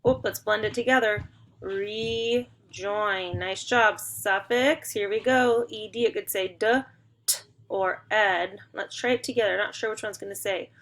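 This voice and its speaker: A young woman teaching a phonics lesson to young students, slowly sounding out and blending words and praising them. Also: mid-range voice, fairly even intonation, a bit bright. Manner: slow, encouraging, sounding out words.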